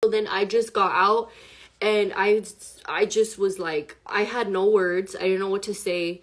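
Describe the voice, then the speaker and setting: A woman recounts a personal story straight to camera, sounding shaken and upset. Her speech rambles, packed with "like" and frequent swearing, and her pitch sits in a middling range. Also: steady tone, a little slow. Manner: rambling, heavy use of "like" and profanity, agitated.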